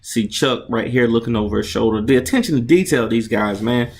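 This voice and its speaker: A man with a medium-pitched, darkish voice narrates and explains his own comic book at a brisk clip. He's chatty and enthusiastic, often restarting sentences and acting out the sound effects.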